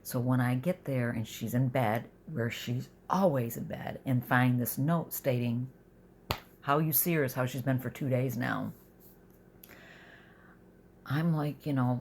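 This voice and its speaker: A middle-aged woman talks in a casual, confessional vlog from her bed at home. Her voice is gravelly and she rambles, often trailing down to a near-whisper. Faint background noise sits under the recording. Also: a bass voice, measured pace, pauses often, darkish tone. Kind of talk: casual personal vlog, venting.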